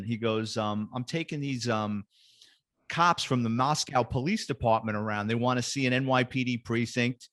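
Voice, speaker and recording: A middle-aged man, a retired police detective, telling lively, profane anecdotes as a guest in a casual chat. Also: mid-range voice, no echo.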